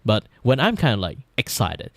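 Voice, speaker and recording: A man's voice: fairly low pitch, wildly swooping pitch, normal speed, vocal fry, background noise. A young man with a Malaysian English accent chatting casually on a livestream while he draws, rambling, swearing freely and laughing often. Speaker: vtuber streamer.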